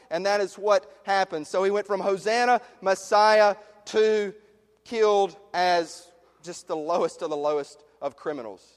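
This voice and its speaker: A man preaching a sermon as pastor, passionate, rising to loud emphasis and dropping to hushed questions. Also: sits high, a little slow, smooth. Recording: long reverb of a large hall.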